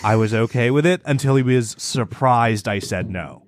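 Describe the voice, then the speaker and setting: A man's voice: medium pitch, moderate pace, a little hiss or hum. A man co-hosting a comedy podcast, ranting through an anecdote with lots of swearing. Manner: animated ranting storyteller, swears a lot. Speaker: podcast co-host. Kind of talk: casual comedic banter.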